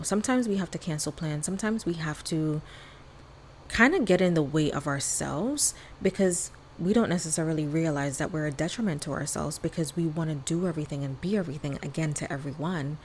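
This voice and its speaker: This solo podcast host is a woman with a low-pitched voice, speaking candidly and casually while acting out bits of dialogue. Poor audio carries a little hiss or hum.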